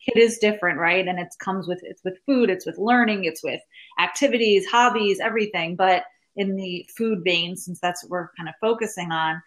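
A woman's voice: lowish voice, normal speed, a bit bright. A woman in her thirties, a guest in a casual interview chat, talking in a chatty, explanatory way with many fillers.

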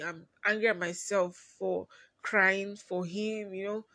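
A woman hosting her own podcast, talking through a personal story in a confiding way and often trailing off quietly. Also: medium pitch, steady tone, slow pace, dry recording. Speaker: podcast host.

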